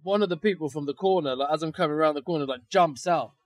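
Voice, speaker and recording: A man tells a story on location for his podcast. He talks in a rather high voice, animated and sweary, and bursts into the shouts of the people in his story. It sounds like casual podcast talk recorded outdoors. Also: fast, dry recording. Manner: animated, swears a lot, acts out shouted quotes. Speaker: podcast co-host.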